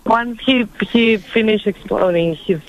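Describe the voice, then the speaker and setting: A woman calling into an advice show, speaking hesitantly and haltingly over a dull lo-fi line. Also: fairly high pitch, slight background noise. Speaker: caller. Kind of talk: phone-in call.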